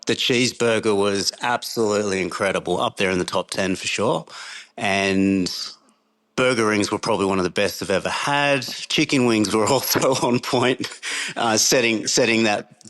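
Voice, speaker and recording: A man's voice: fairly low pitch, normal speed, fairly bright tone. A middle-aged Australian man, a podcast guest, telling a rambling travel story in a casual way and laughing often as he goes.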